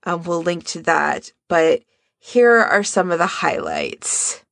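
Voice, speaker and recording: Slow-talking woman podcast host, dry sound. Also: fairly low pitch, wildly swooping pitch, creaky, fairly bright tone, no room sound. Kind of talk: casual podcast chat.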